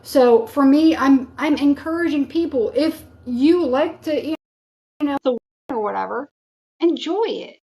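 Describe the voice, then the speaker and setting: A woman's voice: sits high, unhurried, mellow. A woman giving a live tarot reading in a casual, encouraging, rambling way with many fillers. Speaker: tarot reader.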